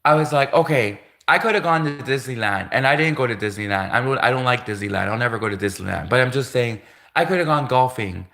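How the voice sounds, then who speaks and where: A man's voice: medium pitch, lively intonation, fast talker, creaky, bright, forceful tone. A man on a livestream telling a grievance story in a rambling, repetitive way, sounding aggrieved.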